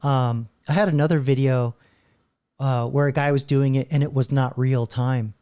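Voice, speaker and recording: A man hosts his own channel, rambling through casual commentary with restarts and chuckles. His voice is mellow and dark, at an ordinary pitch for a man. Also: steady tone, normal speed, clear, resonant tone. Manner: rambling, stop-start, laughing often. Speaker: channel host. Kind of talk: casual commentary while browsing videos.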